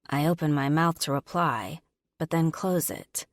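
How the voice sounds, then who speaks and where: Woman narrator, low voice, steady first-person romance read, dry close sound. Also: measured pace, no room sound. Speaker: audiobook narrator.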